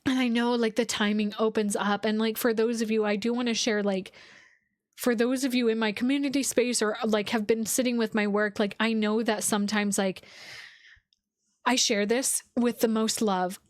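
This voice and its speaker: A woman's voice: on the high side, steady tone, moderate pace, no room sound, clean studio sound. A woman astrologer hosting a casual live stream, talking to her viewers in an effusive, heartfelt way, full of likes and restarts. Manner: talks with many likes and restarts.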